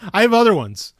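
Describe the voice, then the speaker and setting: Rambling, animated male podcast co-host. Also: very high-pitched, no echo, studio quality. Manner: rambling, self-interrupting, quick to laugh. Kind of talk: casual chat. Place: studio.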